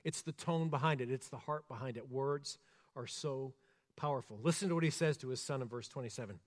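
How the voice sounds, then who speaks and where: A man preaching a sermon, earnest, rising to emphasis and dropping soft and slow. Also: mid-range voice. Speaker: pastor. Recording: long reverb of a church hall.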